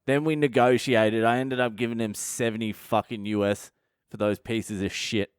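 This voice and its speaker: Comedian host, middle-aged, smooth voice, dry close sound, swearing storyteller. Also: male voice, medium pitch, little pitch movement, moderate pace, dry recording. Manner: profane, rambling anecdotal delivery. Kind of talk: storytelling monologue.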